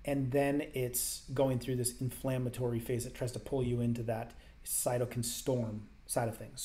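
A man's voice: medium pitch, a little mellow. A man hosting a casual health Q&A show, answering viewer questions in a conversational, explanatory way with emphatic repetition.

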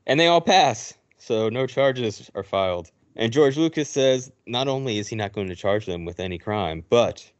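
A man's voice: medium pitch, animated, normal speed, few pauses. A man hosting a podcast, retelling a film's plot in casual chat and acting out the characters' lines. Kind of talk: casual movie recap. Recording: dull lo-fi recording.

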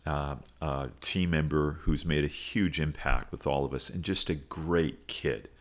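A man's voice: a bass voice, fairly even intonation, a little slow. A middle-aged man and coach telling a personal story in an earnest, reflective way, with frequent fillers and restarts. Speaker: high school football coach and podcast host.

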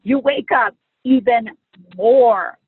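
A middle-aged woman speaking as a guest on marriage and faith, teaching in a conversational, animated and humorous way. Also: a little high, slow, slightly rough, dry recording. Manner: animated and humorous, acts out quoted lines. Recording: phone-like dry audio.

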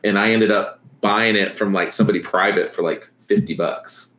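Low-voiced laughing man, echoey room. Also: steady tone, moderate pace, a bit bright. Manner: laughs often, loose and rambling with many fillers. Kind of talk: casual chat.

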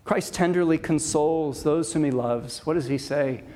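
A male pastor gives an evening sermon at normal speed in a warm, slightly higher-than-usual voice. He preaches with earnest emphasis, repeatedly returning to key phrases to drive his points home.

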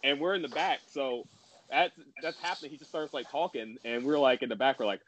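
A man's voice: medium pitch, a bit bright, muffled recording. A man telling a story as a wrestler guest on a podcast, casual and rambling, with lots of "like" fillers. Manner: fast, filler-heavy and rambling with many "like"s.

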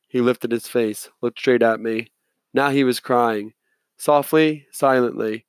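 A man reads an audiobook chapter in the first person with a measured, steady delivery. His voice is mid-pitched and recorded close and dry. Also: no room sound. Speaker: audiobook narrator. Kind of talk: scripted first-person narration.

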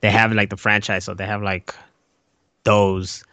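Excitable man, casual swearing chat. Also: unhurried, dry recording. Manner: excitable, swearing, jumps into high put-on voices when quoting. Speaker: podcast co-host.

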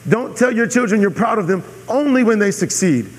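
A man's voice: high voice, animated, fairly quick, breathy edge, big-room sound. A man preaching a sermon as pastor, emphatic and repeating his key lines, often asking the audience if they are with him.

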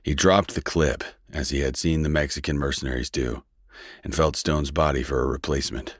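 A man with an extremely deep, husky voice reads a story aloud in a steady, measured way. He is close to the mic, in a dry space with no echo. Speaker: narrator. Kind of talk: scripted audiobook narration.

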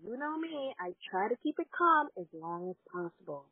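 A woman's voice: medium pitch, sing-song, normal speed. A woman animatedly telling a dramatic story in casual chat, peppered with fillers. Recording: tinny phone-like sound.

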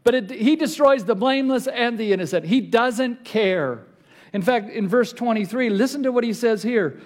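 A man preaching a sermon, reading scripture aloud and slowing down on key words for emphasis. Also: very high-pitched, animated, darkish tone. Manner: reads scripture aloud with rising intensity, slows for emphasis. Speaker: pastor.

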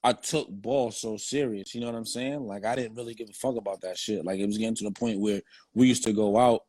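A man's voice: fairly low pitch, fairly even intonation, brisk, darkish tone, no echo. A young man, a former football player, telling his story in casual, slang-heavy, profane talk.

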